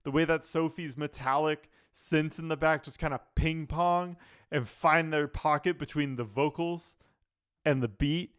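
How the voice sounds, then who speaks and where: A man's voice: on the high side, clear, resonant tone, dry recording, clean studio sound. A man, a music producer, giving an enthusiastic, analytical reaction to an album in casual talk, often leaning on "like" as a filler.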